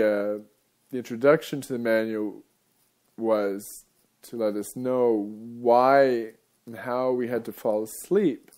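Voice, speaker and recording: A man's voice: medium pitch, a little mellow. A male radio host talking in a casual, rambling monologue, wandering off topic and chuckling often.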